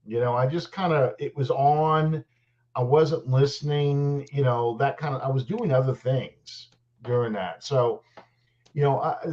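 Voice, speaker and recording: Rambling man on a lo-fi call. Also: medium pitch. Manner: rambling, animated storytelling with restarts. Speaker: podcast co-host. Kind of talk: casual sports chat. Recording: dull lo-fi audio.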